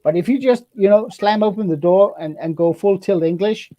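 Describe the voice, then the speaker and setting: Stammering high-voiced man, mellow tone. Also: normal speed, poor audio. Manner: stammering, repeats words when starting a point. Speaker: chat participant. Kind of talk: casual group chat.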